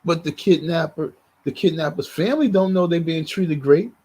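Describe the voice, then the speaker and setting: A man's voice: fairly high pitch, normal speed, warm tone, husky, poor audio. A man giving heated, blunt live commentary, repeating himself as he reacts. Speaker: livestream commentator.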